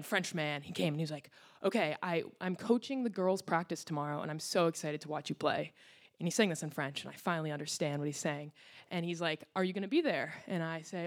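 A young woman from the United States tells a personal story to a live audience on stage. She talks in a chatty, rambling way, full of "like"s and quick asides. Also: fairly low pitch. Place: live storytelling event in a hall.

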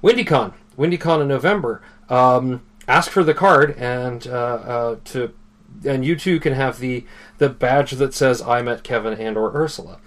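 Hosting a laid-back podcast conversation, he wanders through his points with frequent fillers and restarts. His mid-range voice moves at a normal pace and sounds slightly bright.

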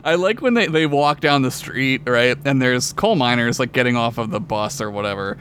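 A man's voice: medium pitch, moderate pace, fairly bright tone, slight background noise. A man in casual recap chat who laughs often, swears, and fills his talk with "like". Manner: laughs often, heavy use of filler words, profane. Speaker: podcast co-host.

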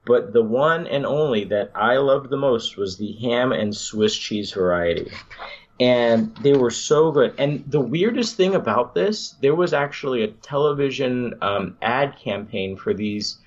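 A man's voice: mid-range voice, expressive, a little slow, hardly any pauses, highs cut off. A man hosting a podcast, chatting casually and enthusiastically with some rambling restarts. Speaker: podcast host.

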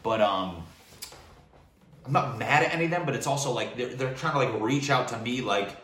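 A man's voice: mid-range voice, animated, moderate pace, fairly bright tone, far from the mic. A young man venting in a casual monologue, profane, heated and rambling, while drinking wine. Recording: echoey room, voice off-mic.

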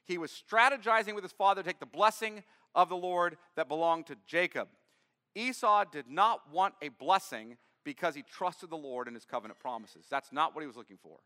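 A man's voice: on the high side, pushed and bright, long reverb tail. A man preaching a sermon, reading scripture aloud and then explaining it in plain words. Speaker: pastor. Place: church.

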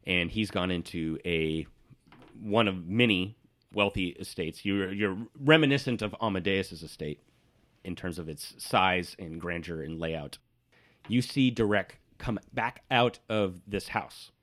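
A man narrating a tabletop game as game master, relaxed and descriptive with small hesitations. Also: low-pitched, unhurried.

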